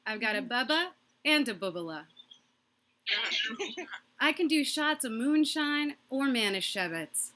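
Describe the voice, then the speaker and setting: A woman doing a stand-up comedy set from her own microphone on a video call, delivering quick, punchy jokes and laughing at her own lines. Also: high-pitched, expressive, bright, forceful tone. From Massachusetts.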